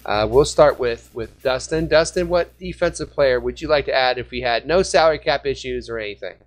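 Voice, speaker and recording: A man hosting a casual sports fan podcast, joking around and sometimes breaking into loud shouts. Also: medium pitch, brisk, faint music behind. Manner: jokey, bursts into shouting. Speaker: podcast host.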